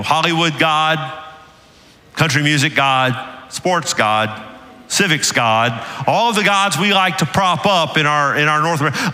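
An older lead pastor with a Southern US accent preaches earnestly in a church sanctuary, building to emphatic peaks. His voice is fairly high-pitched, pushed and bright, and the church hall is reverberant.

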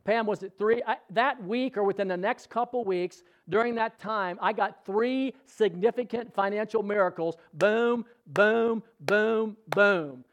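Male pastor, high voice, folksy sermon storyteller who quizzes the room. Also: normal speed, hardly any pauses, dull audio. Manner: conversational storytelling, quizzing the congregation.

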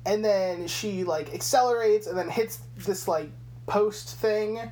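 A woman's voice: mid-range voice, unhurried, slight background noise. Young woman casually recapping a film. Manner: animated retelling, swearing, acting out lines. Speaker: podcast co-host.

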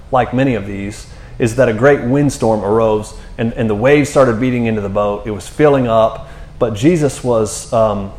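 A man's voice: medium pitch, a little mellow. A male pastor preaching in a loose, conversational way, often tossing in "man" and "you know.". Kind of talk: sermon. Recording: echoey room.

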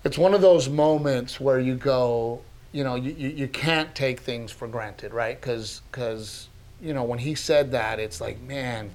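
A middle-aged man, a comedian and podcast host, telling a story in casual chat, animated and swearing freely. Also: mid-range voice, unhurried. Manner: animated, swears freely, laughs through acted quotes.

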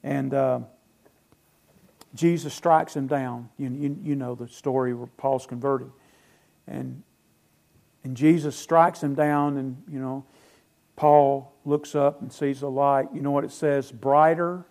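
A man preaching a sermon as pastor, emphatic, asking the congregation questions and answering them, his loudness swinging between phrases. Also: medium pitch, steady tone, takes it slowly, vocal fry.

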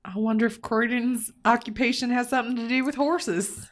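A woman's voice: a little high, steady tone, normal speed. A woman playing a tabletop game, talking through her moves in a casual, hedging way. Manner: hedging, filler-heavy planning. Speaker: player.

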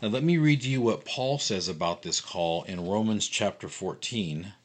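A man co-hosting a casual Bible discussion podcast, playful and animated as he reads scripture aloud. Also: fairly low pitch, moderate pace. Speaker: podcast co-host.

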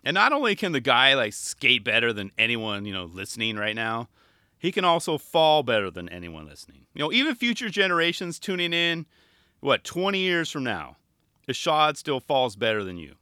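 A very animated man with a mid-range voice, pushed and bright yet clear and resonant, speaks at normal speed on his home-garage podcast about a skate video. He chats in a relaxed, rambling way, acting out quoted voices. The studio-mic recording is dry and clean.

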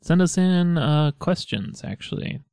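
A man's voice: on the high side, animated, unhurried, darkish tone, clear, resonant tone, dry recording, studio quality. A man co-hosting a podcast, chatting casually and rambling, often breaking into laughter. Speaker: podcast co-host. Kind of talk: casual chat.

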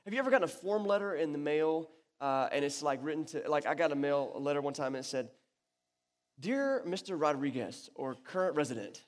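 A slightly high-voiced pastor talks fast with hardly any pauses as he preaches to his church. The echoey hall carries his casual, animated delivery, which is full of restarted sentences.

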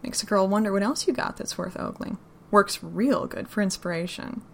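A woman's voice: medium pitch, normal speed, gravelly, slight background noise, lightly acted. A woman voicing a sweet but cheeky young Southern woman who teases playfully. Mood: teasing.

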